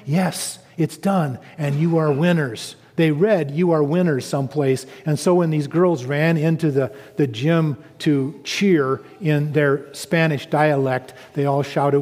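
A man preaching a sermon, animated and storytelling, rising to emphatic quotes. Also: fairly high pitch, slow pace, long reverb tail.

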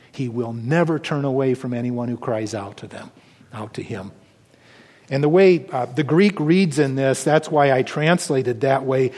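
A man preaching a sermon, swinging between raised exclamations and hushed, low passages. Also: big-room sound. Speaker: pastor.

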